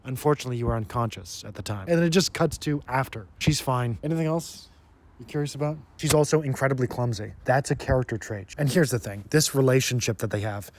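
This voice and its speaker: A man's voice: mid-range voice, fairly quick, darkish tone. Sarcastic young man reviewing a book. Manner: sarcastic, mocking, frequent laughter. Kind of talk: casual comedic book review.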